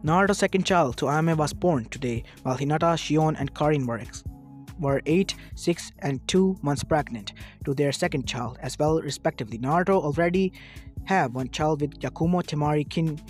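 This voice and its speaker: A man's voice: fairly high pitch, normal speed, faint music behind. Man reading fan fiction aloud. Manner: plain reading with slips and restarts.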